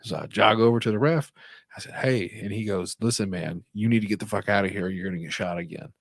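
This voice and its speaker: A man co-hosting a podcast, telling a crude story in a loose, animated way and swearing a lot. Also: lowish voice, quick pace, gravelly, no echo. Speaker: podcast co-host. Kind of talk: casual storytelling chat.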